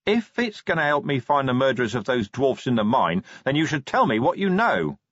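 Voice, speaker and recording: Man doing a brisk, sour watch commander. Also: medium pitch, very animated, fairly bright tone, no room sound, dull audio, pitched above the performer's own voice. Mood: impatient. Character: irritable middle-aged male watch commander.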